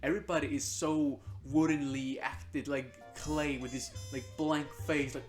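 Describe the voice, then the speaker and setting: A man's voice: on the high side, fairly even intonation, unhurried, faint music behind. Blunt, sarcastic man ranting a review. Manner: blunt, sarcastic, swears a lot, mocks in raised voices. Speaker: movie and TV reviewer.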